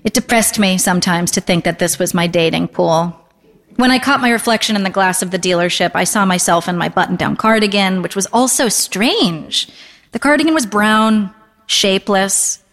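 A woman in her thirties reads a literary first-person story in a dry, deadpan, understated way. Her voice sits at an ordinary middle pitch, and a long reverb rings out after every phrase. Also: moderate pace. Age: 30s. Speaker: narrator.

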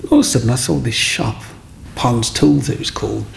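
A middle-aged man recounts his past as an interview guest. His voice is heavily gravelly. He talks in a chatty, lively way and acts out other people's lines. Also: mid-range voice, brisk, slight background noise. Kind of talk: personal storytelling.

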